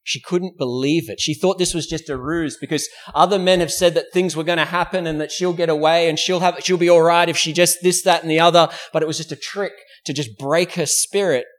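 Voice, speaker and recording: A man's voice: a little high, fairly even intonation, brisk, few pauses. A male pastor with an Australian accent, preaching a sermon in a church, telling a story and posing rhetorical questions. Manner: storytelling preacher, acts out quoted voices.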